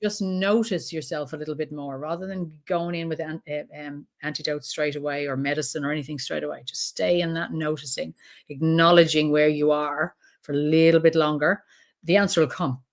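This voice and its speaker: A woman's voice: low voice, steady tone, brisk. A middle-aged woman with an Irish accent, a trauma expert talking casually as an interview guest, chatty with laughing asides. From Ireland.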